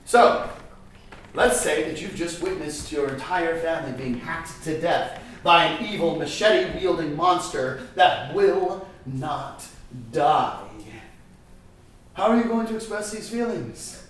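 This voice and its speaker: A man's voice: high-pitched, a bit bright, very echoey, far from the mic, slight background noise. An actor playing a pompous, self-important male acting guru lecturing in a grandiose theatrical manner. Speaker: acting teacher.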